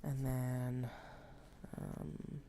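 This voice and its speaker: Sewing at home on a live stream, a thirty-something woman chats casually in a very deep, gravelly voice that's dark and mellow, thinking out loud and making fun of herself. Her delivery is flat with drawn-out words, her distance from the mic shifts a bit as she works, and faint hiss lies beneath the audio.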